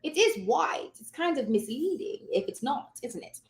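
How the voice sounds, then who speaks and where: Woman host, high and bouncy, hyper and playful, calls viewers darling, plays with a put-on posh accent. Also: expressive, normal speed, gravelly. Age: adult with children. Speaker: host and notary business coach. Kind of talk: casual live-stream chat.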